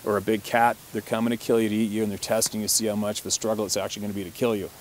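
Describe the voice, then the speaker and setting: A man, a hunting guide, telling a story in a relaxed, chatty way, laughing often and swearing mildly. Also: lowish voice, very fast, slight background noise. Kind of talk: casual storytelling to camera.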